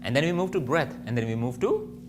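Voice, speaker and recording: A man's voice: medium pitch, lively intonation, a little fast, noisy background. A man teaching yoga, reflective, asking and answering his own questions. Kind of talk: spoken yoga lesson.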